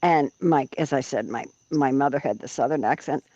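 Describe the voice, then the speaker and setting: A woman's voice: extremely low pitch, moderate pace, warm tone, no room sound. A woman hosting a livestream, chatting casually and bluntly with exclamations. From United States. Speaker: livestream host. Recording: dull dry lo-fi stream audio.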